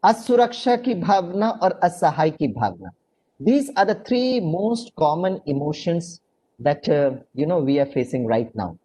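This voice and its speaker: Animated Indian-accented man lecturing online. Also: fast. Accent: Indian English. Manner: animated, drops to low asides, mixes Hindi phrases. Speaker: guest lecturer. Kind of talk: online lecture with a told anecdote.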